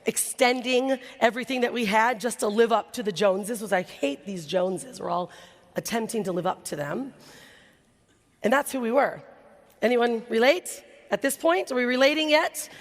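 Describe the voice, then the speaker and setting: A woman giving an animated, storytelling talk as a keynote speaker to an audience, acting out the voices of people in her story. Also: on the high side, normal speed. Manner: animated, acts out quoted voices. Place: large hall before an audience. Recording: hall reverb, live stage recording.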